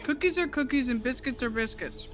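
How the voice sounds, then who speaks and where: A woman's voice: high-pitched, brisk, soft background music. A woman chatting casually on a gaming stream, playful and teasing.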